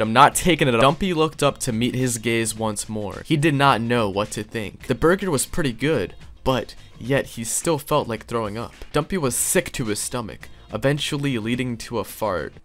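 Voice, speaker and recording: A man's voice: medium pitch, fairly bright tone. Sarcastic man reacting to fan fiction. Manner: sarcastic, profane and mock-outraged. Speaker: YouTuber reading fan fiction. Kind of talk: comedic reaction reading.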